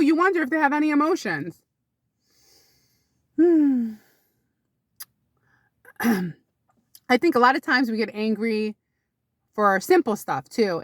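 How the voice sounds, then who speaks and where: A woman vlogging to camera, telling rambling casual stories about her mother with sudden high exclamations. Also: no room sound, clean studio sound.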